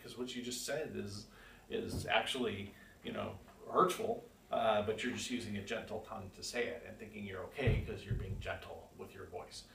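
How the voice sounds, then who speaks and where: This man's voice is fairly low and creaky, a bit bright, as he teaches a church Bible class conversationally. He questions the class and reads verses aloud emphatically. Picked up far from the mic in an echoey room, it carries a faint hiss.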